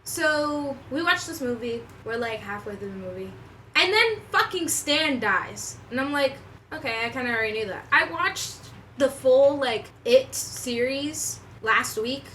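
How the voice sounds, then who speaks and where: A young woman vlogger telling a story in a casual, profane, animated way, with lots of slang. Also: sits high, a little slow, distant mic, poor audio. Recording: voice a bit off-mic with faint room noise.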